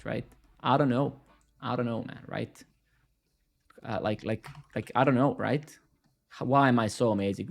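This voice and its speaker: Brief: male live-coding streamer, casual and profane, sarcastic running commentary at a mid-range pitch. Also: moderate pace, creaky. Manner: rambling, sarcastic, profane, self-mocking.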